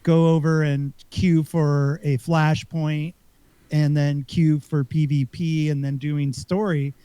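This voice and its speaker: A man's voice: fairly high pitch, little pitch movement, slow pace, mellow, clean tone, dry recording. A man co-hosting a podcast, chatting casually and rambling about a video game with lots of fillers and restarts. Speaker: podcast co-host. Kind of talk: casual gaming chat.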